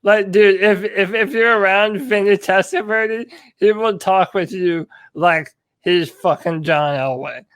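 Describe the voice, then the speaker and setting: A man co-hosting a sports podcast, chatting in a casual, halting way with lots of fillers. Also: sits high, a bit bright, clean tone, dry recording. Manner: chatty, hesitant with fillers and restarts. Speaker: podcast co-host.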